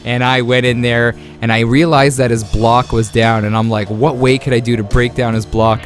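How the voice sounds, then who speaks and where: A man narrates his own game highlights with excitable energy, laughing often and tossing out playful trash talk. His voice sits in an ordinary middle pitch. Soft music plays faintly beneath him. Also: normal speed. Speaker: gaming YouTuber. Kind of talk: video game highlight commentary.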